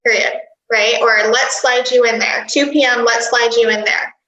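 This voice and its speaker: A woman's voice: on the high side, moderate pace. Upbeat woman coach in a roomy space. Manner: energetic, giggly, instructive. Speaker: dental practice coach. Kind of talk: workshop teaching.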